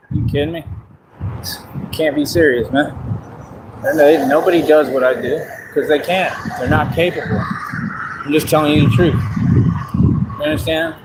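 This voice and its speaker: Man, boastful combative rant, fairly high voice, noisy outdoor stream. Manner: boastful, combative, repeats himself. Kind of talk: ranting monologue. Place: outdoors in the dark.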